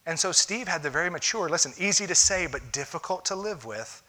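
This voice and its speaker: A man's voice: a little high, animated, fairly quick, hardly any pauses, sharp tone. A man preaching a conversational sermon in a church, emphatic and often cutting in with "listen" to press a point. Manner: emphatic, keeps saying "listen". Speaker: pastor.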